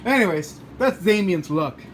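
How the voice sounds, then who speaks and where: A joking man talks casually to camera from his home garage, laughing often and swearing. His voice sits on the higher side, with a faint hum of noise underneath. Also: lively intonation, normal speed. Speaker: car channel host.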